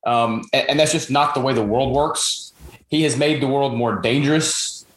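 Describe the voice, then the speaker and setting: A man's voice: mid-range voice, fairly even intonation, normal speed, reverberant. A man hosting a political talk show, blunt and opinionated, with frequent fillers. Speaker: podcast host. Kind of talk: political chat.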